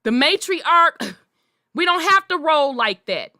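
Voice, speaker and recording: A woman hosting a podcast, delivering a forceful, profanity-laced monologue in a preachy way. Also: high-pitched, big pitch swings, takes it slowly, no echo, studio quality. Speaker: podcast host.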